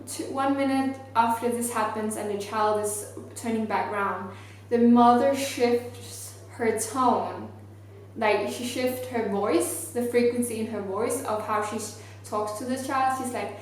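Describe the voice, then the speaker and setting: A young woman who is not a native English speaker, telling a story to camera in an earnest, animated way with lots of "like". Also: a little high, a little slow. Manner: earnest, animated, many fillers like "like". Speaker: vlogger. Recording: very echoey space with faint ambient noise.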